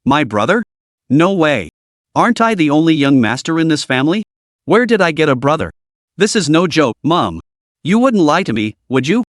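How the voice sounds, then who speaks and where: A man's voice: on the high side, big pitch swings, normal speed, dry recording. A man voicing a spoiled, rude rich teenage boy in a plain storytelling read, with a dry close sound. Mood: flippant.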